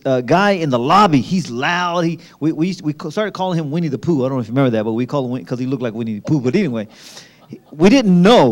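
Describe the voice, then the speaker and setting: Pastor guy, kinda high voice, animated storyteller. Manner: lively, repeats words for emphasis.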